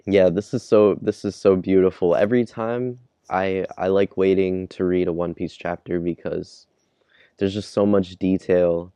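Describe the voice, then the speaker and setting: A man's voice: low-pitched, steady tone, unhurried, mellow, clear, resonant tone, dry recording. A man casually reviewing a manga chapter, laid-back, chuckling and thinking aloud. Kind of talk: casual chapter read-along.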